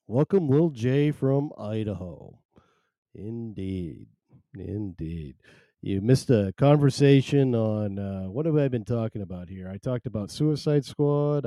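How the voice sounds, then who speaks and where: A man's voice: medium pitch, lively intonation, measured pace, warm tone, dry recording. A man hosting a solo live stream, chatting in a rambling, wry, self-deprecating way.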